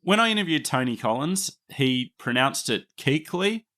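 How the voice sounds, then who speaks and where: Animated and sharp-toned, this Australian-accented man speaks at a moderate pace in a medium pitch. He hosts a history podcast, narrating casually, chatting at length and laughing readily.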